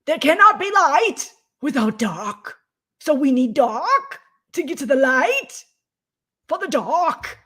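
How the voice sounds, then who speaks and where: A woman's voice: high-pitched, sing-song, takes it slowly, a bit bright, pitched above the performer's own voice, heavily acted. A woman voicing a pompous, self-pitying male internet troll in a theatrical, grandiose, whiny way. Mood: preachy. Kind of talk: mocking impression in casual chat.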